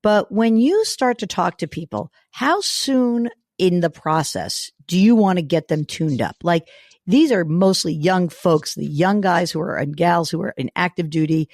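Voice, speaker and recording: A woman hosting and interviewing a guest, her voice hoarse from a cold, chatty and quick to laugh. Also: lowish voice, no room sound, clean studio sound. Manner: lively, chatty, laughs easily. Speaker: host.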